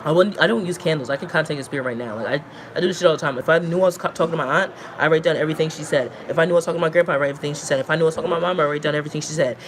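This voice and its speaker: A woman telling long, rambling, profane stories to her livestream chat, talking in an animated way. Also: low-pitched, very fast. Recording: noisy background.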